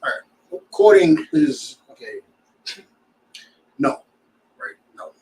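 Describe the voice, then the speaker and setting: A man's voice: fairly high pitch, expressive, slow pace, darkish tone, far from the mic, rough recording. A man teaching a scripture class in a blunt, preachy way, full of rhetorical questions.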